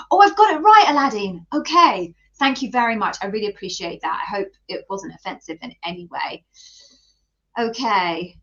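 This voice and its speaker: Woman livestream host, interview coach, mid pitch, chatty and self-deprecating, lo-fi audio. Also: a bit bright. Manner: chatty, self-deprecating, reading out viewer names. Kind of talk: live-stream chat greeting viewers.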